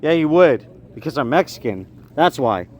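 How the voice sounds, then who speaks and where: A young man ranting in a rambling street vlog, agitated, swinging from loud outbursts to low muttering. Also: big pitch swings, normal speed. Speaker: vlogger.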